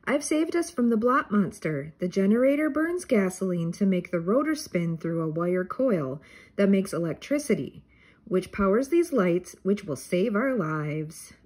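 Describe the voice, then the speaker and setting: A woman's voice: mid-range voice, measured pace, slightly rough. A woman reading a storybook aloud, voicing an anxious schoolboy who worries and boasts by turns. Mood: proud. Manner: worried, excitable, whiny.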